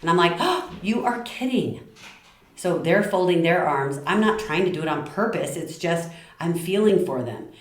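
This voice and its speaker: A middle-aged woman giving tips on communication, passionate and lively, acting out short quoted lines. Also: lowish voice, moderate pace, hardly any pauses, reverberant. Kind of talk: talk to camera.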